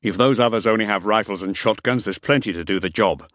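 A man doing a gruff, blunt mercenary brawler. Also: fairly low pitch, a little fast, a bit bright, no room sound, natural voice. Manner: blunt, curt.

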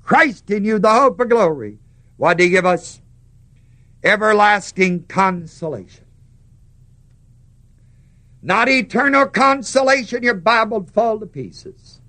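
A man preaching a sermon, stressing words slowly and putting questions to the congregation. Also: high-pitched, lively intonation, pushed and bright.

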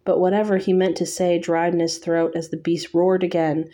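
A woman reading a novel aloud in first person, measured and slightly halting. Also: lowish voice, flat delivery, dark tone. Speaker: audiobook reader.

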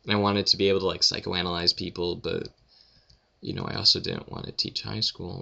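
Low gravelly young man, lo-fi. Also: fairly quick. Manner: rambling, self-deprecating, deadpan jokes. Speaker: vlogger answering questions. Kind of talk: casual audio Q&A.

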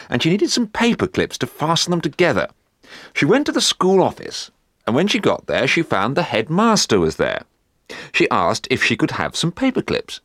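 Lively, chatty male storyteller. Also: mid-range voice, no room sound, clean studio sound. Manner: chatty, amused storytelling with hesitant fillers. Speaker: panel member. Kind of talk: scripted panel anecdote.

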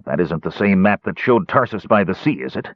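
A man doing Caramon, a gruff sullen warrior. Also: deep voice, expressive, fairly quick, dry recording, lo-fi sound. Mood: suspicious. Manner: gruff and heavy. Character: big burly warrior man, bitter and sullen.

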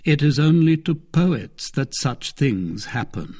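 A man voicing a grave, calm musketeer who speaks in a commanding way. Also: mid-range voice, moderate pace, husky, pitched above the performer's own voice. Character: grave older male musketeer, calm leader.

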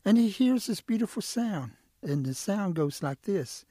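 A man telling a traditional animal folk tale in a relaxed, rhythmic way. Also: sits high, a little slow, heavy background noise. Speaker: storyteller. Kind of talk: traditional oral storytelling.

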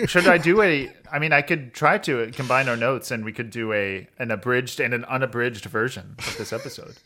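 Bright, rambling male podcast host. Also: mid-range voice, a little fast. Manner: rambling summary full of fillers and laughs. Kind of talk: casual podcast chat.

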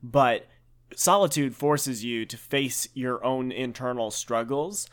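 A man's voice: medium pitch, takes it slowly, a bit bright. A man chatting as a guest on a casual review podcast, reflective and given to acting out silly quotes.

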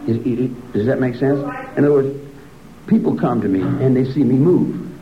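A man answering an interviewer in a rambling, repetitive way, his voice climbing high and heated as he argues. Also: moderate pace, roomy sound, a crowd in the background. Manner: rambling, repeats himself, climbs to a high agitated pitch. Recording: dull lo-fi archive recording.

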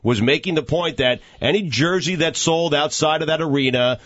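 A man co-hosting a sports talk radio show, pushing back casually and filling pauses with "you know". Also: fairly high pitch, a bit bright, no echo. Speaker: radio co-host. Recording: dull dry studio sound.

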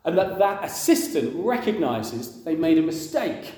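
A man's voice: fairly high pitch, very animated, moderate pace, a little mellow. A man preaching a conversational sermon, asking the congregation questions and acting out quoted voices. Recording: very echoey room.

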